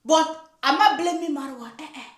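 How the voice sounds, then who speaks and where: A woman's voice: high voice, normal speed. A woman giving indignant, scolding commentary on a video as a YouTuber. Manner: scolding, indignant, emphatic repetition. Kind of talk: casual reaction commentary. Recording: echoey room.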